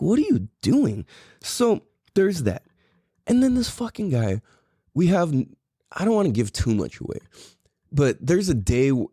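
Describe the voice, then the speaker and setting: Male podcast host, young adult, swings his pitch wide, dark mellow tone, dry close sound, cussing rant. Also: dry recording. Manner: profane, animated, exasperated storytelling. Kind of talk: casual storytelling rant.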